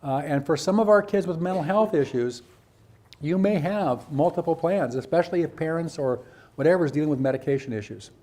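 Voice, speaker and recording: Male trainer, high voice, lecturing teachers with animated role-play asides. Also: a little fast. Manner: animated, acts out teachers and students, rhetorical questions. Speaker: presenter at a teacher training workshop. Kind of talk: lecture to educators.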